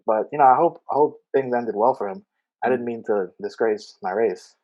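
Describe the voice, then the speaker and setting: A man's voice: medium pitch, normal speed. Laughing man telling a story, lo-fi. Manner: animated, laughing storyteller acting out quotes. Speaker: podcast co-host. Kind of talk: casual storytelling chat.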